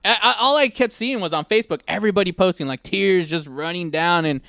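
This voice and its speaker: A young man co-hosting a new live internet radio show, retelling a TV episode in a rambling, animated way with many restarts. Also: high-pitched, fast talker, clean tone. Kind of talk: casual chat.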